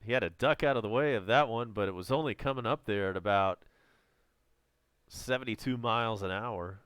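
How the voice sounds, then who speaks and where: A man with a Southern American accent calling live baseball play-by-play as a fan, chatty between pitches and loud on home runs, his voice strained and close to giving out. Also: brisk, smooth, no echo. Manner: casual, chatty calls with excited home run shouts.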